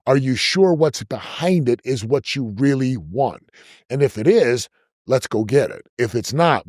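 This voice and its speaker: A middle-aged man talking as a podcast guest, giving business advice in an energetic, emphatic way and repeating himself to stress a point. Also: medium pitch, no echo, clean studio sound. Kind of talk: conversational interview.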